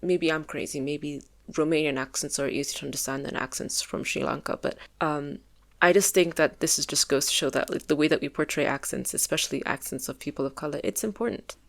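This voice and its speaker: Fast-talking woman with a low voice. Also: gravelly. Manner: opinionated, filler-heavy, conversational. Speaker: video essayist. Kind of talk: casual commentary.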